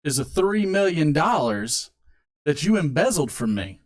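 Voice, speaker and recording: A man's voice: on the high side, very animated, unhurried. A man voicing an angry male mob boss who keeps demanding his money while telling a joke.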